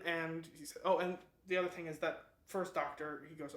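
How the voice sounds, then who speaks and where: A man hosting a book club gives a loose, rambling summary. His voice is bright and a little high. The room has a lot of echo. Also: steady tone, a little fast, few pauses. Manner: rambling, lots of fillers and restarts.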